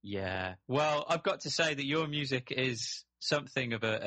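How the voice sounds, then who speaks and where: A man's voice: medium pitch, lively intonation, normal speed, hardly any pauses, pushed and bright. Teasing Brummie man on a podcast. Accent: Birmingham. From England. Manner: teasing, dry humor. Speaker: podcast co-host. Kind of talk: casual chat. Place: London.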